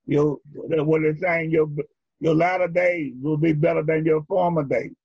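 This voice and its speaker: Guy preaching in a raspy high voice, drawn-out phrasing, dry dull lo-fi recording. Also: steady tone, dry recording. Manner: rhythmic, drawn-out phrasing, leads the congregation in repeating lines. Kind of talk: sermon with call and response. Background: congregation responding.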